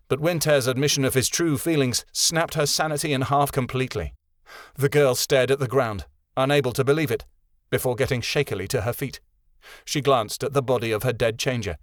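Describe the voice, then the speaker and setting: In a dry, close recording without any echo, a man reads a fantasy audiobook aloud. His delivery is measured and dramatic, and his voice sits in the middle of the pitch range.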